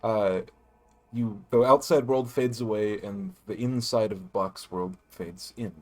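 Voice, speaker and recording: A man's voice: lowish voice, steady tone, unhurried, a little mellow. A man narrating and running a casual tabletop role-playing game as game master, laughing easily.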